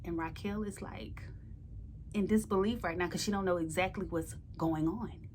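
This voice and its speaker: A woman telling a story to camera in an informal, slangy way, growing loud and emphatic when worked up. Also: fairly low pitch, steady tone, normal speed, slight background noise. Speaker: storytime vlogger. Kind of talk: casual storytelling.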